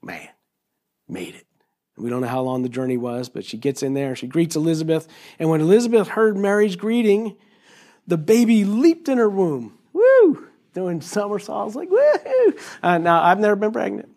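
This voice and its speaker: A middle-aged man preaching a sermon to a congregation, animated and joking, acting out quotes in high voices. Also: moderate pace. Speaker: pastor.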